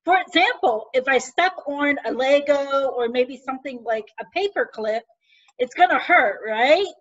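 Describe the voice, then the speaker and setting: A woman deacon giving a gentle, questioning children's lesson, speaking in a teacherly way. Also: sits high, expressive, moderate pace, muffled recording.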